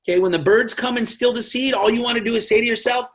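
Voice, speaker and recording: Male trainer with a high voice, animated delivery, keeps asking "right?" to the room. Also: fast talker. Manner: animated, checks in with listeners constantly. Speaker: network marketing trainer. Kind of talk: motivational team training talk.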